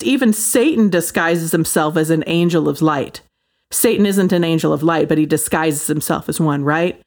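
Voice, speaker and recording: Woman chatting to her viewers, animated and talky, tells stories and acts out what people said. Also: mid-range voice. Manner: animated, chatty storytelling with quoted voices and laughs. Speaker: Christian commentator. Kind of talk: casual monologue to viewers.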